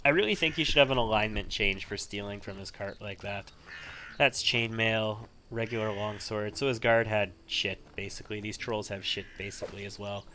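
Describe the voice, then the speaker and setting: A man's voice: on the low side, steady tone, moderate pace, sharp tone, a little hiss or hum. A man giving casual commentary while he plays a role-playing video game, chatty and thinking aloud. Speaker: let's-play host.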